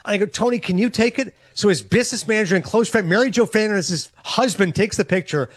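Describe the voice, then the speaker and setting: Fast, high-voiced storytelling man. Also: no echo. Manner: fast, excitable, self-mocking, acts out dialogue. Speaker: sports radio host. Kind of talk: animated storytelling on a talk show.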